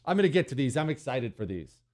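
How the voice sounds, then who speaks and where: A man's voice: mid-range voice, fast talker. A middle-aged man hosting a radio talk show, delivering an opinionated, sarcastic monologue. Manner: animated, sarcastic, mocks others in put-on voices.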